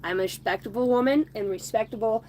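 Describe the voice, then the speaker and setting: An American woman hosting a spiritual livestream, telling a rambling, profanity-laced story in casual, animated talk. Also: on the high side, slight background noise. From United States. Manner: profane, animated, fast-rolling anecdote. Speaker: livestream spiritual channel host. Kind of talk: casual storytelling to a live audience.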